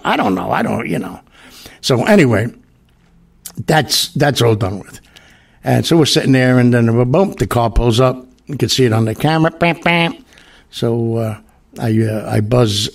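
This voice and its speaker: A man's voice: medium pitch, gravelly, husky. A man telling a long personal story in a casual, rambling way, with many fillers and restarts.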